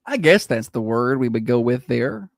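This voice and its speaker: A man's voice: mid-range voice, normal speed, creaky, no echo. A man co-hosting a morning radio show, teasing his co-host and telling stories. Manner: teasing, dry humor, animated when telling stories. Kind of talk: casual morning radio chat. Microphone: studio microphone.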